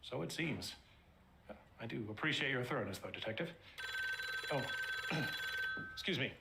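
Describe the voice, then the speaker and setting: A man's voice: mid-range voice, lively intonation, normal speed, vocal fry, very noisy. An actor playing a composed, formal businessman in a period TV drama who answers a detective politely. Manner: formal, composed, well-spoken. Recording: roomy, with loud music.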